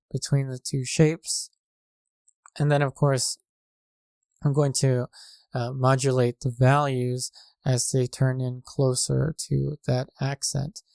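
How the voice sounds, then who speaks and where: A painting instructor with a calm, gravelly, medium-pitched voice narrates a tutorial explaining painting steps. He is measured and uses frequent fillers, recorded on a desk microphone with no echo.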